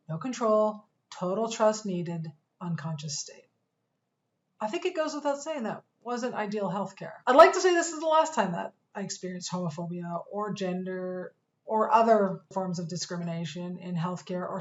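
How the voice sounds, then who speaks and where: An earnest woman narrates a personal story for a course, speaking in a measured way and pausing often. Her voice sits at an ordinary middle pitch. The recording sounds a little dull and muffled. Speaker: fitness coach course instructor.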